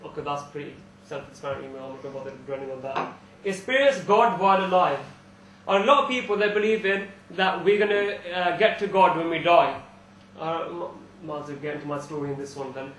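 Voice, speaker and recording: A young man giving a relaxed, informal talk to a student audience, telling personal stories and chuckling as he goes. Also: on the high side, brisk, slight background noise. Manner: chatty storytelling, with frequent restarts and chuckles. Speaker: invited speaker at a student society talk. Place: university lecture room. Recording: echoey room, live talk recording.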